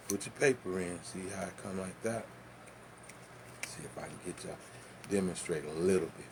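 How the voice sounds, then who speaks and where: A man's voice: sits low, lively intonation, normal speed, vocal fry, background noise. A man telling a loose, profane, laughing story and showing how to roll tobacco. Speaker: vlogger. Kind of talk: casual storytelling and demonstration.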